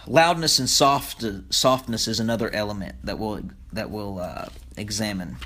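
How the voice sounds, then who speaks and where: A man's voice: fairly low pitch, moderate pace, a bit bright, a little hiss or hum. Man lecturing on public speaking. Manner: explanatory, plain teaching tone with occasional fillers. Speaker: speech communication instructor. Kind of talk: podcast lecture.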